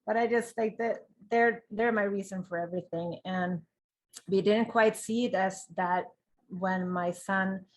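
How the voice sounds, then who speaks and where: A woman's voice: mid-range voice, steady tone, unhurried. A woman from Sweden with a Swedish accent, speaking candidly as an interview guest, open and with self-deprecating humor. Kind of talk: personal story in casual interview.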